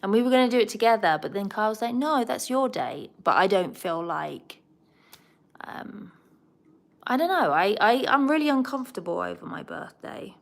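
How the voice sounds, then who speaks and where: A woman's voice: mid-range voice, big pitch swings, moderate pace, vocal fry. A middle-aged woman from England with a southern English accent, hosting a casual livestream and chatting as she answers viewer comments. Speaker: host of a pet livestream.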